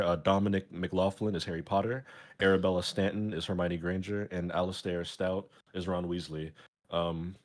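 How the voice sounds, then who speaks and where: A man with a lowish voice hosts a casual streamed chat show. He rambles and jokes, padding his talk with fillers. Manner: rambling, jokey, many fillers. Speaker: show host.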